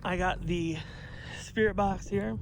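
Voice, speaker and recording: A young man hosting a ghost-hunting vlog, calling out to spirits in a hushed, nervous way outdoors at night by a bridge in the woods. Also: sits high, steady tone, slow, vocal fry, slight background noise. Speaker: paranormal investigator and host.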